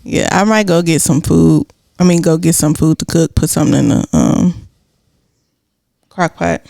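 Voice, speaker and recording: A man's voice: a little high, steady tone, moderate pace, vocal fry, dark tone, no room sound, clean studio sound. A man with a Southern Texas country accent co-hosting a podcast, laid-back and slangy in casual chat. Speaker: podcast co-host.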